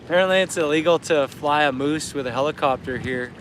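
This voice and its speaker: A man's voice: fairly high pitch, fast talker, fairly bright tone, slight background noise. Chatty Canadian man fishing outdoors. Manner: chatty, laughs often, tells anecdotes. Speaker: livestream host. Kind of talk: casual live-stream chat. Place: outdoors by a river while fishing.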